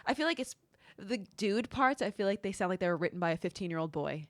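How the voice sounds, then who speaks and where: A woman's voice: mid-range voice, animated, fast, dry recording, studio quality. A woman co-hosting a casual fan podcast, talking loosely and saying "like" often. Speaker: podcast co-host. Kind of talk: casual chat.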